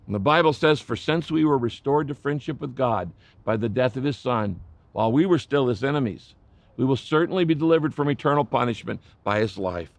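A man's voice: medium pitch, animated, brisk, vocal fry, dry recording. An older man preaching a sermon as a pastor, passionate, often swelling in volume and pleading.

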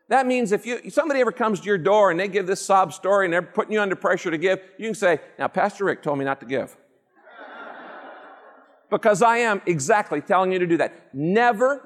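A man preaching a sermon as pastor, emphatic and animated, with playful asides to the congregation. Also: sits high, big-room sound.

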